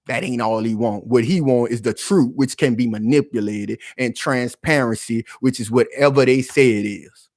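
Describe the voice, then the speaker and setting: Male vlog host, heated and confrontational, talks loud, dry close recording. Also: medium pitch, normal speed, no echo. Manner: rhetorical questions, slangy. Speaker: commentary channel host. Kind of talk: heated commentary.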